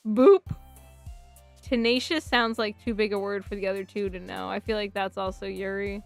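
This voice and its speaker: A woman's voice: mid-range voice, little pitch movement, a little fast, gravelly, soft background music. A woman streamer chatting casually and reading game text aloud, often breaking into giggles. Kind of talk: casual let's-play commentary.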